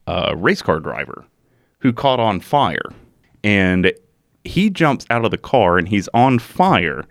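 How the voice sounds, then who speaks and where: A man narrates a true-crime case in a loose, chatty way, his pitch rising and falling a lot. He curses now and then and laughs at himself. The recording is close and dry, with no room sound. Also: slow, no echo. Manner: animated, swearing, laughs at himself. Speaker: podcast co-host. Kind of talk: casual true-crime storytelling.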